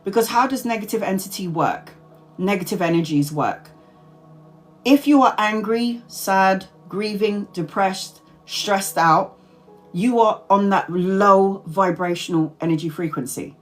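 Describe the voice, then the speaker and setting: A woman's voice: mid-range voice, a little slow. A woman from Brazil hosts a casual live stream as a tarot reader. She swears freely and laughs her way through sentences in a mid-range voice, with faint music playing behind her.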